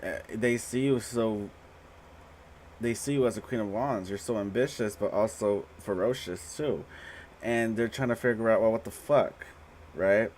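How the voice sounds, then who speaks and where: A man's voice: lowish voice, moderate pace, darkish tone, slight background noise. A man giving a casual tarot reading on a livestream, blunt and profane, laughing often. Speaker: tarot reader.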